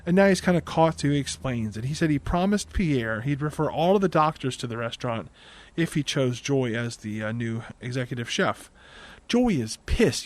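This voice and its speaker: A man's voice: mid-range voice, animated, a little fast. A tired man hosting a podcast, casually recapping a film's plot with dry, wry asides. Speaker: podcast host.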